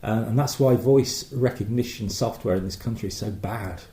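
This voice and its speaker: A man co-hosting a podcast in casual chat, rambling and halting with many fillers. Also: on the low side, mellow, slight background noise. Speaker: podcast co-host. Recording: echoey room.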